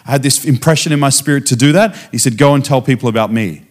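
A man preaching as a guest speaker, telling a personal testimony in a lively storytelling way and acting out the dialogue. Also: medium pitch, fast talker. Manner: animated storytelling, acting out dialogue with frequent restarts.

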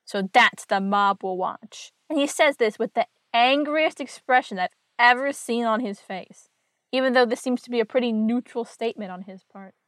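A woman's voice: on the high side, moderate pace, no echo. A woman host casually recapping an old comic book story with wry, chatty asides.

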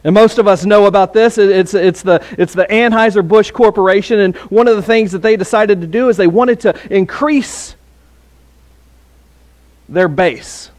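A man's voice: high voice, normal speed. A man preaching a sermon in a conversational way, with fillers and restarts.

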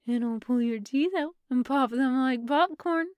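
Deadpan young woman, read by a woman, slightly high, smooth voice, weird cutesy baby talk for a puppy. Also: measured pace, no echo. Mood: cooing.

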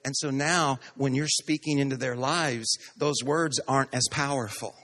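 A man's voice: mid-range voice, fairly even intonation, moderate pace, a bit bright. A man preaching a sermon to a congregation, acting out little everyday dialogues and building to emphatic, repeated points. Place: church sanctuary. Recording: long hall reverb from the church.

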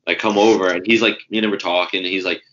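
Deep, bright-toned man. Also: steady tone, very fast. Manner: rambling storyteller, swears, lots of fillers. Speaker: podcast co-host. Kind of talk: casual sports chat. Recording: dull lo-fi sound.

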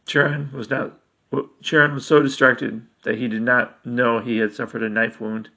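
A man narrates a dark story with a bright, forceful voice. He reads in a steady, measured way, line by line. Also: medium pitch. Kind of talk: dramatic story reading.

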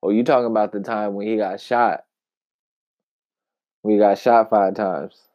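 A man giving casual commentary in an emphatic, wry way, with long pauses, on a dull, dry lo-fi recording. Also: lowish voice, steady tone, no echo. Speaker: commentary vlogger.

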